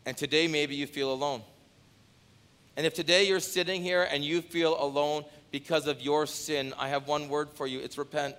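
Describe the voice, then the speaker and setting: Bright-voiced man preaching. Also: on the high side, fairly even intonation, normal speed, clean tone. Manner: builds from quiet storytelling to loud, rising pleading; repeats phrases for emphasis. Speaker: pastor. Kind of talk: sermon.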